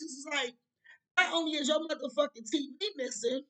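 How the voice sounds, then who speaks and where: High-pitched woman, casual profane storyteller, talks straight to viewers. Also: moderate pace, low-quality recording. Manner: animated, profane, frequent "right?" asides to viewers. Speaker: storyteller vlogger.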